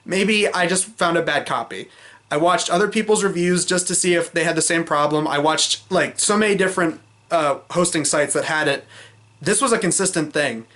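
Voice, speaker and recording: Rambling man with a high-pitched voice. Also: moderate pace, fairly bright tone. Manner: rambling, with many fillers and restarts; frank, exasperated criticism. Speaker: film reviewer. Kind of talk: casual review vlog.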